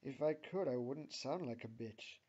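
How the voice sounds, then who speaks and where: A man's voice: medium pitch, normal speed, warm tone, slightly rough, lo-fi sound, close to an everyday voice. A man voicing a bitter, foul-mouthed young woman. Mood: grumbling bitterly. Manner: swearing, grumbling, sarcastic.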